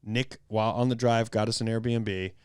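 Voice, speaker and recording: A man hosting a podcast, telling a story in a casual, animated way and acting out the quotes. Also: moderate pace, clear, resonant tone, no room sound, clean studio sound. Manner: animated, acts out quotes with big pitch jumps. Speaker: podcast host.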